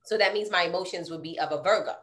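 A woman's voice: fairly low pitch, fast, fairly bright tone, roomy sound. A woman asking questions in casual chat, earnest and a little repetitive. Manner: earnest, curious, repeats herself.

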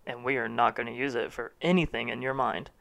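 A man's voice: medium pitch, fairly even intonation, fast talker, creaky, fairly bright tone. A young man co-hosting a casual podcast, teasing his friend with dry comebacks. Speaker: podcast co-host.

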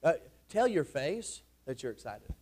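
A man preaches in a church, his voice sitting high for a man. He is folksy and rousing, and he swings between easy talk and loud bursts of shouting. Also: big pitch swings, measured pace. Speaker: pastor. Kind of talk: sermon. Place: church sanctuary.

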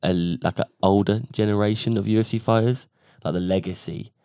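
A man's voice: lowish voice, fairly even intonation, a little fast, warm tone, clean tone, no echo, studio quality. A young man co-hosting a casual chat, easygoing and trailing off with fillers.

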